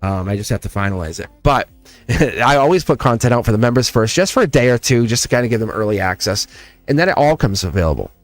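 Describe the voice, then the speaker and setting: A man's voice: medium pitch, expressive, quick pace, no echo, faint music behind. A man with a Southern accent, reading tarot on a casual livestream and talking straight to his viewers, laughing often. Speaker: tarot reader.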